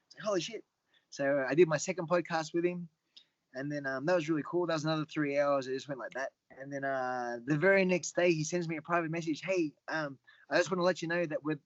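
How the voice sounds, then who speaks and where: A middle-aged man telling stories as a podcast guest, often repeating words and getting animated when he quotes other people. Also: on the high side, no echo, muffled recording. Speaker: guest, Muay Thai fighter. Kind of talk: casual storytelling interview.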